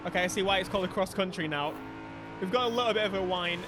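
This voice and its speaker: Animated young man streaming a game. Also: sits high, fast, music in the background. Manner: animated, jokey, bursts into mock outrage and cries. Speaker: gaming streamer. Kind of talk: live gameplay commentary.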